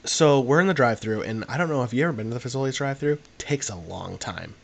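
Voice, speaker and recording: A man's voice: mid-range voice, expressive, fast, vocal fry. A young man, co-hosting a podcast and telling a long, rambling anecdote in casual chat, full of fillers. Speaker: podcast co-host.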